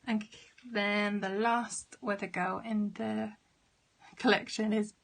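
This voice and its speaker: A woman chats about her crafts in a relaxed, rambling way, full of small fillers and asides. Her voice is a little hoarse as she is losing it, and her pitch stays quite even. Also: slow pace. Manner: chatty, with fillers and trailing asides. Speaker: craft vlogger. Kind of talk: casual show-and-tell.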